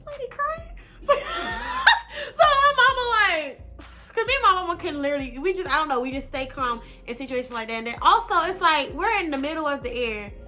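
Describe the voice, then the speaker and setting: Young woman vlogging a storytime, slangy and cussing, high voice, faint music under it. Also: quick pace. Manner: slangy, profane, animated storytelling. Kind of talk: casual storytime.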